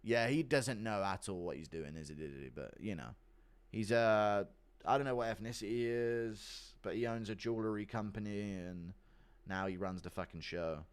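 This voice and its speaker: A man's voice: lowish voice, normal speed, clean tone. A man hosting a livestream, reading donations in a blunt, crude, offhand way. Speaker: livestream host. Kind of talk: casual chat reading donations.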